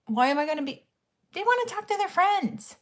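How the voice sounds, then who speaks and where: A woman's voice: very high-pitched, sing-song, brisk. A woman in her thirties talking casually to the camera while she does her makeup. She is blunt and chatty and swears freely, the way she would with a friend. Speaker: vlogger.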